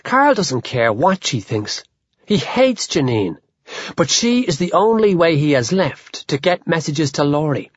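A man narrating an audiobook with a lively, wide-ranging pitch, shifting voices for each character. The sound is close and dry, with a slightly dull, muffled tone. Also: measured pace, no echo. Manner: expressive, voicing many characters. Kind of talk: audiobook reading.

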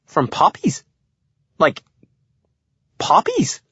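A naive, eager young lad, voiced by a male narrator, who keeps asking questions with a lively, jumping pitch. His voice is a little husky, and the recording is dry and somewhat dull. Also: drawn-out words, no echo, full character voice.

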